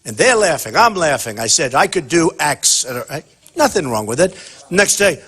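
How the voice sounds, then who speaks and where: A man's voice: a little high, very animated, moderate pace, sharp tone, husky. A man giving an off-the-cuff campaign speech at a town hall, boastful and rambling, often repeating himself. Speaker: political candidate at a town hall.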